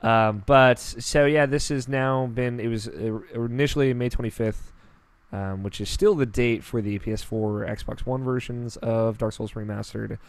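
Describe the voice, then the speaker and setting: A man hosting a casual gaming podcast, rambling in a relaxed way and swearing now and then. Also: mid-range voice, measured pace. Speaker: podcast host.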